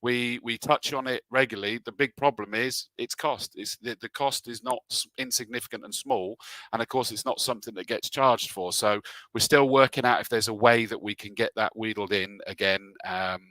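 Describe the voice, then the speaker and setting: Bright, dry-voiced host. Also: male voice, medium pitch, fairly even intonation, moderate pace, no echo. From England. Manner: friendly, reads out names then chats back. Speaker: host and race commentator. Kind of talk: casual live-stream chat reading viewer comments.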